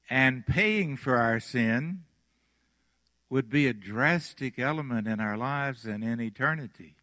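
A man with a Southern accent preaches a sermon at an unhurried pace, leaning on words and letting phrases fall away softly. His voice has a bright, forward edge, and the recording is dry with no room echo. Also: medium pitch, animated. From Mississippi. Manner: slow, emphatic preaching with soft trailing phrases and dramatic pauses. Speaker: pastor.

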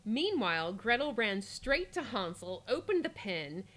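A woman podcast host reading a fairy tale aloud, breaking off for lively, laughing asides. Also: medium pitch, unhurried.

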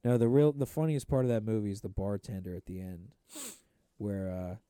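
A man's voice: on the low side, brisk, mellow, smooth, no echo, clean studio sound. Profane, rambling podcast host man. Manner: profane, rambling, acts out movie quotes. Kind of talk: casual chat.

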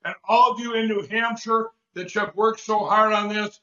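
A man's voice: sits high, fairly even intonation, sharp tone. A man hosting a show, making urgent, repetitive appeals to act and to donate. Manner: rapid, repetitive, fired-up appeals. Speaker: show host. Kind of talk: urgent call to action. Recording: echoey, dull lo-fi sound.

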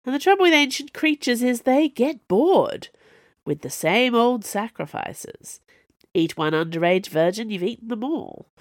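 A woman's voice: a little high, very animated, a little slow, dry recording, studio quality, voice pushed up. A woman voicing a smarmy, wealthy, ruthless male villain in an audiobook, smug and drawling.

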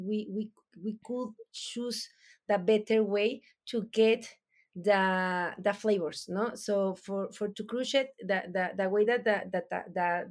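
A woman with a Mexican accent, a native Spanish speaker, explaining her production in halting English with many restarts as she searches for words. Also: mid-range voice. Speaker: mezcal producer. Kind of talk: interview answers.

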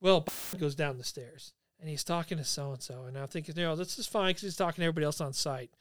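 A man in his forties, a podcast host and army veteran, telling a story casually among old friends, animated and swearing freely. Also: a little high, fast.

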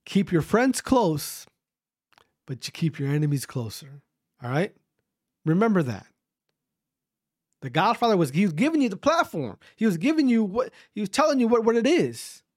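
A man's voice: sits high, sing-song, moderate pace, long pauses, dry recording, studio quality. A man hosting his own podcast, speaking in an emphatic, repetitive and profane rant. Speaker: podcast host.

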